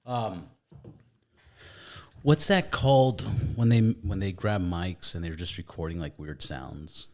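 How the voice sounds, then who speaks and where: A man's voice: low-pitched, takes it slowly, a little mellow. A man hosting a podcast in a candid, chatty conversation, swearing casually. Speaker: podcast host. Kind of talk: casual chat.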